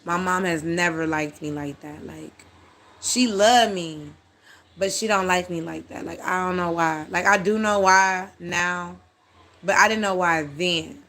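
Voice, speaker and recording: A speaker telling a personal story in a casual, animated, blunt way with frequent swearing. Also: medium pitch, unhurried.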